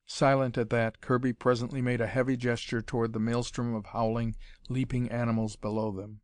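A man reading an adventure story aloud as narrator, in a measured, dramatic manner. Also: mid-range voice, level tone, a little mellow, no room sound, clean studio sound. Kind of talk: audiobook reading of pulp adventure fiction.

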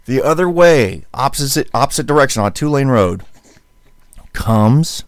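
A man's voice: medium pitch, lively intonation, moderate pace, no echo. A man hosting a podcast in a casual chat, telling rambling stories with lots of fillers and sometimes mimicking other voices. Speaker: podcast host, former radio worker.

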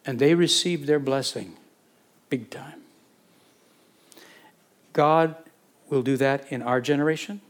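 A male pastor preaching a sermon and leading prayer, fervent, building from quiet talk to urgent pleading and repeating phrases for emphasis. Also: medium pitch, normal speed.

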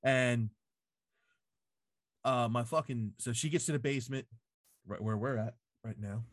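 A man talks loosely and profanely, packing his sentences with "like" as he tells a story. His voice sits at an ordinary middle pitch. The sound is dry and close, with no room echo. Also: unhurried. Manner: profane storytelling full of "like" fillers. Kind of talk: casual chat. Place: home basement.

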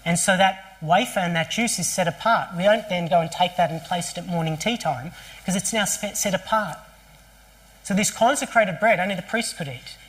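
Lively storytelling preacher. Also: mid-range voice, normal speed. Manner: lively storytelling with restarts and rhetorical questions. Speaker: pastor. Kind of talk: sermon. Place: church service.

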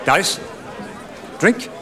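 A man's voice: very slow, sharp tone, a faint crowd. An older actor playing a powerful nobleman who teases and jeers. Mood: mocking. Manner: teasing, jeering.

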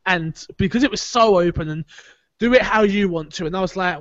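A man hosting a casual podcast chat, talking in an animated, opinionated way. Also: high voice, fairly quick, dry recording. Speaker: podcast host. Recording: dull lo-fi audio.

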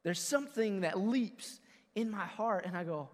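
A man in his thirties, a pastor preaching a conversational, energetic sermon and calling out to his congregation. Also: high-pitched, normal speed, creaky, in a large hall. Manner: energetic, conversational preaching with audience call-outs. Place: church sanctuary.

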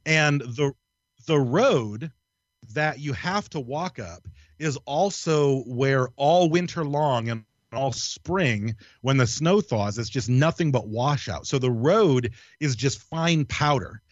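Animated man telling a story, swearing freely. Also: mid-range voice, slow, no room sound, muffled recording. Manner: animated, profane, laughs through his story. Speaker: podcast guest. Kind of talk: casual storytelling.

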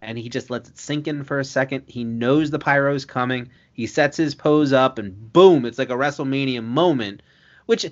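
Man, co-host, casual chat, laid-back, short replies, medium pitch, dull lo-fi sound. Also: moderate pace. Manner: laid-back, short agreeing replies, builds up to enthusiastic runs.

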